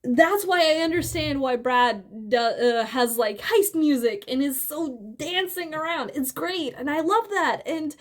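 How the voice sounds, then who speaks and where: A young woman giving a casual, animated film critique, rambling with fillers and restarts and briefly acting out scenes. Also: high voice. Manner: acts out scenes with quick voices. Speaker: video essayist. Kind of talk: casual opinion commentary.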